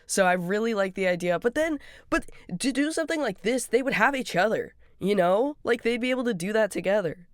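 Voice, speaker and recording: A fan rambling casually about a cartoon, excitable and giggly, often breaking into laughter. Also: mid-range voice, fairly quick, few pauses, no room sound, studio quality. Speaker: fan commentator.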